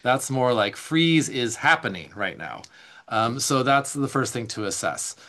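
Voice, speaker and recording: A man answering listener questions as a somatic coach in a casual teaching talk, speaking gently and slowly, with many "like" fillers. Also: medium pitch, lively intonation. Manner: gentle, unhurried, many "like" fillers, slows down for soft guidance.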